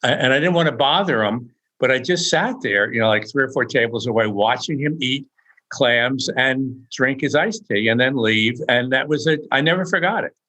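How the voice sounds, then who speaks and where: Older male author guest, middle pitch, casual rambling storyteller who chuckles and restarts a lot. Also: normal speed, sharp tone. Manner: rambling, restarts often, chuckles through funny stories.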